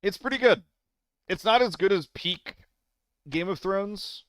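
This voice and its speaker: A man's voice: sits high, unhurried, dry recording. Young male streamer, resonant dry voice, casual and profane banter with chat while gaming. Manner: loose and profane, chatting with viewers, flustered in fights.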